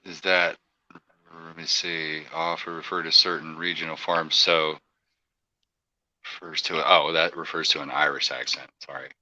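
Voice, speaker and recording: A man's voice: extremely low pitch, flat delivery, normal speed, bright, forceful tone, highs cut off. A man chatting casually, joking and self-deprecating. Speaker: chat participant. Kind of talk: casual voice chat.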